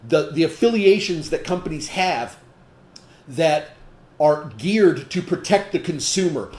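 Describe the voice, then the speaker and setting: A man's voice: fairly high pitch, a little mellow. A man giving a training talk to distributors, emphatic, asking the audience rhetorical questions and checking in with frequent "okay?". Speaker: sales trainer. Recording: echoey room.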